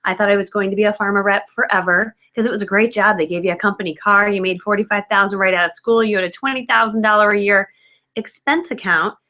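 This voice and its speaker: A woman's voice: medium pitch, steady tone, fast talker, pushed and bright. A woman in her thirties telling her own story in casual, filler-heavy chat, self-mocking and loose. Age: 30s. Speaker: guest speaker.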